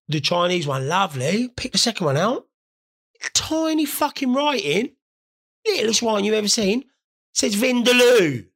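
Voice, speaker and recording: A man's voice: sits high, vocal fry, a bit bright. A man in his thirties with a British accent, telling rambling, sweary comic stories about his day in laddish banter. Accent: British English. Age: 30s. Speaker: vlogger.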